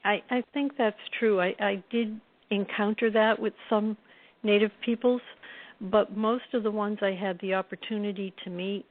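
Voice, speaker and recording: A woman's voice: medium pitch, fairly even intonation, moderate pace, a little hiss or hum. A middle-aged woman, a guest author, telling reflective stories in a conversational interview. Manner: reflective, warm-toned storytelling with soft laughs. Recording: tinny phone-line audio.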